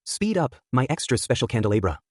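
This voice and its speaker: A man's voice: mid-range voice, very animated, fast, no echo. Man reading cruel gloating villain, mocking tone, dry close sound, storybook reading. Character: cruel gloating male wax-wielding villain.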